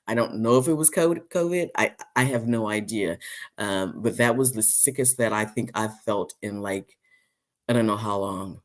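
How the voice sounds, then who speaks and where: A man hosting a casual live-stream chat, rambling with many fillers and restarts, and jumping high when he mimics people. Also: moderate pace. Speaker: host.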